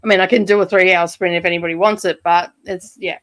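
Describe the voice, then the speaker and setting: A woman's voice: on the low side, fairly even intonation, fast. Giggly, chatty Australian woman. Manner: chatty, giggly, rambling with many fillers. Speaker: streamer hosting a reading sprint. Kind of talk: casual chat.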